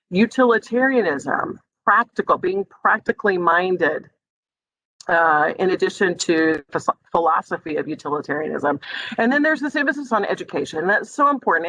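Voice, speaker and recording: A woman giving a conversational online music history lecture over a video call, filling pauses with ums and speaking directly to her students. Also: fairly low pitch, pushed and bright, no echo, poor audio. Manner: conversational, many ums, addresses students as friends.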